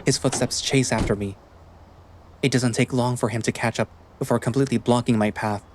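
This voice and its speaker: A man giving steady, introspective first-person narration of a visual novel. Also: medium pitch, brisk, a little hiss or hum.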